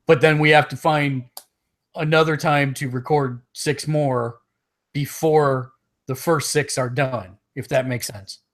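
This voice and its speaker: A man's voice: medium pitch, fairly even intonation, a little slow. A man co-hosting a gaming podcast, chatting casually and loosely, with hiccups and easy laughs. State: has the hiccups. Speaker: podcast co-host. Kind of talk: casual chat.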